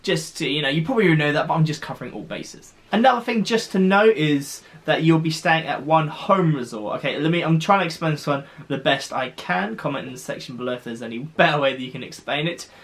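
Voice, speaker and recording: A man with a somewhat higher voice than most men talks straight to camera. His explanation is chatty and loose, full of restarts and asides, like a vlogger walking viewers through the fine print. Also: expressive, fast, hardly any pauses, fairly bright tone. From United Kingdom.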